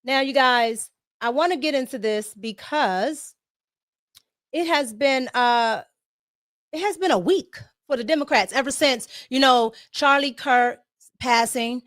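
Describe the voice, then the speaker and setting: A woman's voice: high voice, measured pace, fairly bright tone, no echo, studio quality. A woman hosting a casual political livestream, talking emphatically, repeating herself and tagging her points with "okay?". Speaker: political commentary host.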